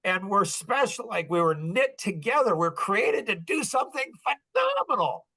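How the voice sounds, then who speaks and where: A man hosting a business podcast, telling a story in casual talk, animated and laughing often as he acts out dialogue. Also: high voice, normal speed, poor audio. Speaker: podcast host.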